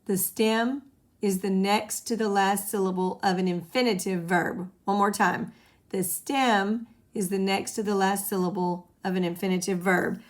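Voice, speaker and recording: A woman's voice: mid-range voice, fairly even intonation, a little slow. A woman teaching a Spanish grammar lesson to her students, patiently explaining and having them repeat rules back. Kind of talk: classroom lesson at a whiteboard.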